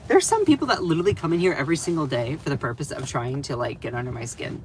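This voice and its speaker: A man hosting a political commentary live stream, animated and sarcastic, laughing often as he talks. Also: fairly high pitch, fast, slight background noise, poor audio.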